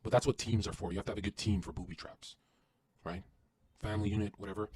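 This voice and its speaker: A man guesting on a podcast, delivering an intense, profane motivational rant that swings from loud to hushed. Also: fairly low pitch, fairly even intonation, fast, slightly rough.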